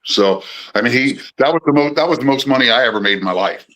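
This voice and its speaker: A man's voice: medium pitch, animated, fast talker, a bit bright, low-quality recording. A middle-aged man, a podcast guest, telling long casual stories with many restarts and acted-out quotes. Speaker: podcast guest, former personal assistant to musicians. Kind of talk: casual storytelling interview.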